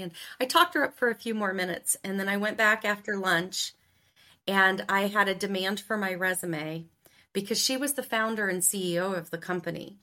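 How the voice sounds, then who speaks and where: Middle-aged woman from Ohio, sales coach guest, crisp and bright, acts out the people in her stories. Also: medium pitch, moderate pace. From Ohio, US Midwest. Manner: animated storyteller who acts out quoted dialogue. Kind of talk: casual interview storytelling.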